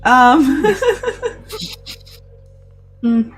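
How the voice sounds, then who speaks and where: A woman's voice: high voice, animated, extremely slow, soft background music. A woman hosting a tabletop game stream, chatting casually over a headset and laughing often. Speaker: dungeon master and stream host. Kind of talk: casual pre-game chat on a live stream.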